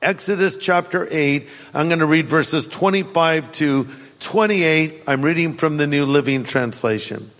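A man's voice: on the high side, a little slow, fairly bright tone. A man preaching a sermon, telling stories in an emphatic, punchy way. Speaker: pastor. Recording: long hall reverb, faint music.

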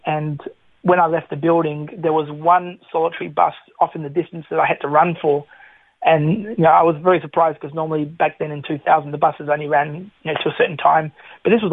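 Here a middle-aged guest recounts his testimony with a somewhat high voice, performing the quoted lines like a lively storyteller. The sound is tinny, like a phone line, with no room sound.

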